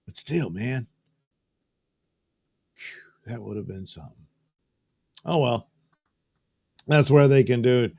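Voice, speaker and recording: A man's voice: medium pitch, takes it slowly, vocal fry, long pauses, darkish tone, no room sound, studio quality. A man hosting a live show in a casual, joking way, reading viewer comments aloud and tossing in silly voices. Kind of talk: casual live-stream chat. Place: studio.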